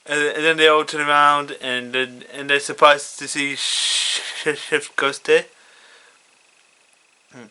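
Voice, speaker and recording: Guy reading his own fan story, lots of ums and stutters, super bright clear voice. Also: fairly high pitch, little pitch movement. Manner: halting, stuttering, many fillers. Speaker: fan fiction reader.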